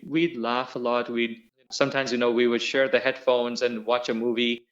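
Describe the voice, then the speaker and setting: A man's voice: medium pitch, moderate pace. A man, a musician, reminiscing as an interview guest, laughing often as he tells stories. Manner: laughs often, animated storytelling. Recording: dull lo-fi audio.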